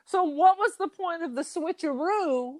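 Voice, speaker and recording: A woman co-hosting a podcast, reacting to a film in casual chat with quick jokes and the odd swear word. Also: very high-pitched, darkish tone, no echo. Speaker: podcast co-host.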